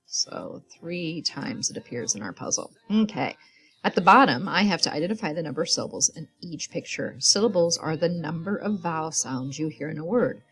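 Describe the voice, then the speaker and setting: A woman's voice: sits low, lively intonation, normal speed, a bit bright. A woman teacher giving patient, step-by-step morning work instructions to young children, counting aloud as she goes. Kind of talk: recorded classroom instructions.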